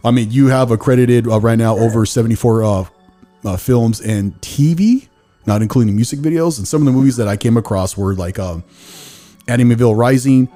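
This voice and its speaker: A man's voice: medium pitch, brisk, warm tone, faint music behind. A man hosting a podcast in casual chat, rambling and laughing at himself. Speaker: podcast host.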